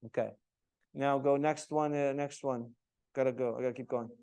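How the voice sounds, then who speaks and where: A man teaching a yoga teacher training, lecturing with lively, varied delivery and cueing poses in a sing-song way. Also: medium pitch, moderate pace, smooth. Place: yoga studio.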